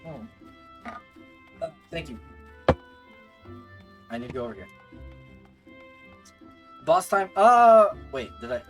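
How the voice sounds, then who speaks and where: A man's voice: mid-range voice, moderate pace, long pauses, music in the background. A man streaming a game, joking with chat in casual commentary. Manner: joking, laughing, talks to chat.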